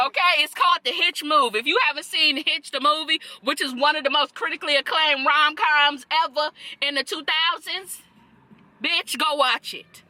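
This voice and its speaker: Casting: young woman reaction host, high and sharp-toned, sassy and profane. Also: moderate pace, a little hiss or hum. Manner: sassy, profane, animated with laughter. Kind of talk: casual reaction chat.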